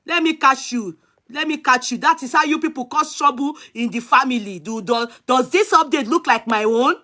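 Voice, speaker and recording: A woman's voice: sits high, normal speed, bright, forceful tone. A young Nigerian woman with a Yoruba-speaking accent, hosting a gossip livestream and scolding her viewers, switching between Yoruba and English. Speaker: gossip show host.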